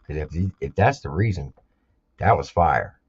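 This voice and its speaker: A man's voice: extremely low pitch, lively intonation, measured pace, muffled recording, heavy background noise. A man hosting a live album reaction, talking casually and emphatically and repeating his points.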